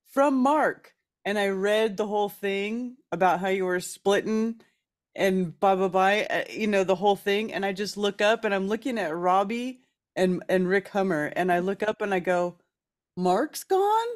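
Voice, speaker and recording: A woman guest on a casual chat show tells a lively story, quoting what other people said. Her voice sits at a middle pitch for a woman. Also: normal speed.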